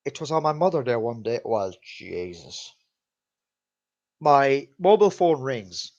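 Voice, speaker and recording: Animated man telling stories. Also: medium pitch. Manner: animated, swears freely, laughs at his own stories. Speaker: live-stream host. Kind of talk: casual live-stream storytelling. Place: at home in front of a camera. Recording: slightly dull lo-fi sound.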